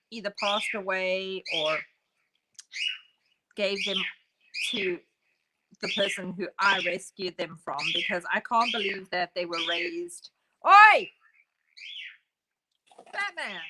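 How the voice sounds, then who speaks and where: A woman chatting casually while painting a craft project, talkative and quick to laugh. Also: mid-range voice, heavy background noise. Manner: chatty, laughs often, talks to her pet birds. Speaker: craft stream co-host.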